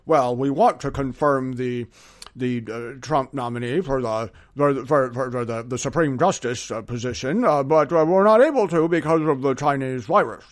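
A man putting on the voice of a pompous older male senator stalling with excuses, low and halting. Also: natural voice. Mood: mock-solemn.

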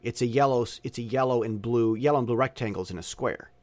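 A man talking in a casual vlog monologue, opinionated and animated, with stop-and-start rambling. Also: mid-range voice, fast talker, dry recording. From Southern Taiwan. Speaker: vlogger.

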